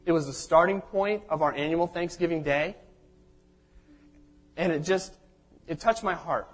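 A man's voice: fairly high pitch, measured pace, faint music behind. A man preaching a sermon as a pastor. He tells the story in a conversational way and often checks in with the congregation by asking "okay?".

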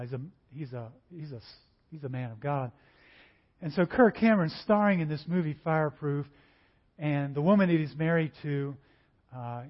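A man preaching a sermon, conversational and animated, acting out little dialogues in different voices. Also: medium pitch. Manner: acts out dialogues in varied voices. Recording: dull lo-fi recording.

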